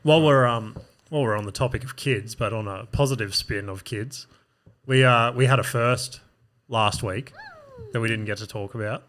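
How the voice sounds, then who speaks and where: A man's voice: medium pitch, normal speed, fairly bright tone. A man hosting a podcast in casual chat, rambling and laughing often. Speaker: podcast host.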